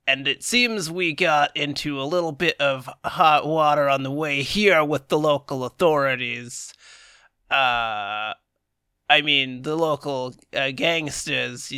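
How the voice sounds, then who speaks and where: A man playing a tabletop role-playing game, speaking in character in a hesitant, halting way. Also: mid-range voice, pushed and bright, smooth, dry recording, studio quality. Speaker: player.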